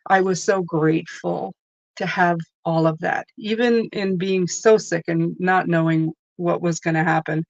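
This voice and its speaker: Gravelly-voiced woman, chatty tarot host. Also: fairly low pitch, darkish tone, no echo, highs cut off. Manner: chatty and rambling, with many asides. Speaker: tarot reader hosting a live stream. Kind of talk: casual live-stream chat.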